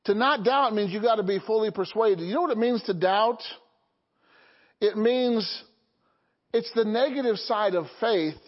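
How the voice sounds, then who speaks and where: A man's voice: sits high, unhurried. A man preaching a sermon to his congregation, checking in often with "Okay?" and "Amen?". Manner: call-and-response preaching, frequent "Okay?" and "Amen?". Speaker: pastor. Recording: dull lo-fi recording.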